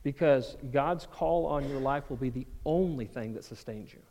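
A man preaching a sermon as pastor, conversational and animated, slipping into quoted voices. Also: medium pitch, moderate pace. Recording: long reverb of a large hall.

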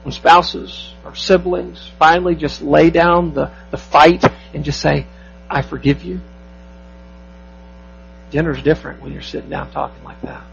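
A man preaching a sermon as pastor, emphatic, asking the congregation rhetorical questions and slowing down to stress key phrases. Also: on the high side, fairly even intonation, creaky, muffled recording, a little hiss or hum.

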